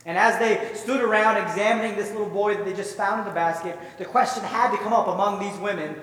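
A man's voice: high voice, fairly bright tone. A man preaching a sermon, retelling a story vividly and conversationally with many rhetorical questions. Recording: echoey hall, far from mic.

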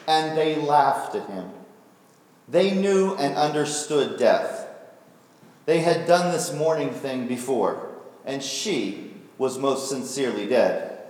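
A man's voice: mid-range voice, expressive, slow pace, darkish tone. A male pastor preaching a sermon, retelling a story vividly and asking rhetorical questions. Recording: echoey hall, voice from far off.

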